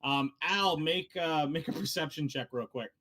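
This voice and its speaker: A man narrating a tabletop game as game master, halting often with ums and likes as he describes scenes. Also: on the high side, pushed and bright.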